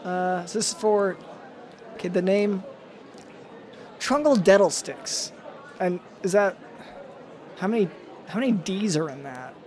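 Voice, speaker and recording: A man performing an improvised comedy scene, hesitant and stammering with lots of awkward fillers. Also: high voice.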